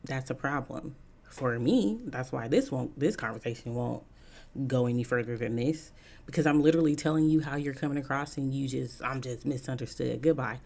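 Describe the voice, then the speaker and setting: A woman's voice: a bass voice, moderate pace, creaky, mellow. A woman giving a casual opinion monologue as a vlogger, frank and chatty with many "um" fillers and repeated points for emphasis.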